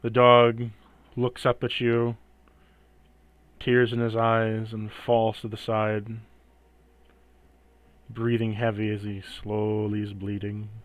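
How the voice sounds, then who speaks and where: A man running a tabletop game as game master, narrating the scene slowly and dramatically and asking for rolls. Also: lowish voice, completely flat delivery, dry recording. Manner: slow, dramatic descriptive narration.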